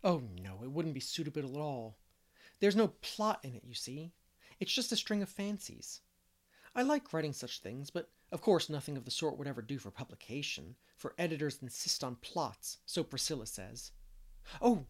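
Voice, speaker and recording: An imaginative young girl, talkative and romantic, voiced by a male audiobook reader. His voice stays near its usual tone but rises in excited turns. It is an earnest storybook read. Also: on the high side, normal speed. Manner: earnest, fanciful.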